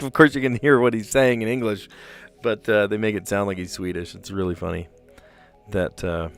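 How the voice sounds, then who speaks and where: An American man hosting a puzzle livestream, chatting casually and rambling, often tagging his points with "right?". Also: lowish voice. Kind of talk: casual chat while solving puzzles.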